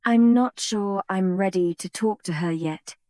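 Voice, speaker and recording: Slow, mellow woman narrating an audiobook. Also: mid-range voice, no echo, clean studio sound. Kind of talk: first-person fantasy romance narration.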